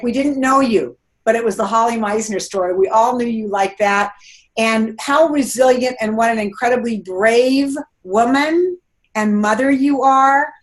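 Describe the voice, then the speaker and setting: A woman speaking quickly and enthusiastically as she gives closing remarks to a group conference call. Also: a little high. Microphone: phone or computer on a conference call.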